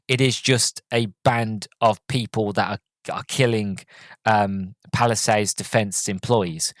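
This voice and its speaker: A man hosts a podcast, talking through a horror film in a loose, rambling way full of "um" and "you know". His voice sits at an ordinary middle pitch. The sound is dry and close, with no room around it. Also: no room sound. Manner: rambling, chatty, many fillers and restarts. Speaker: podcast host. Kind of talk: casual movie review.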